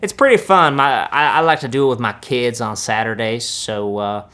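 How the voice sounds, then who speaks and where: A man's voice: medium pitch, normal speed, pushed and bright, close to an everyday voice. A man playing a folksy country-boy wizard. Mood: smug. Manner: laid-back rambling drawl with folksy asides. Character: boastful country-boy male wizard reacting to films. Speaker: comedic film reactor. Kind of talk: deadpan comedic reaction.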